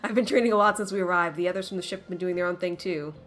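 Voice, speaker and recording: A woman voicing a curious, blunt swordswoman in a video game, quick and prying. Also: fairly low pitch, steady tone, a bit bright, soft background music, lightly acted.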